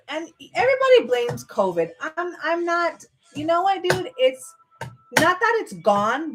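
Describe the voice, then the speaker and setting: A woman's voice: fairly high pitch, a bit bright. A woman chatting on a livestream from her bed at her computer, rambling casually, saying "dude" and restarting her sentences often. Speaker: vlogger on a livestream. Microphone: computer microphone.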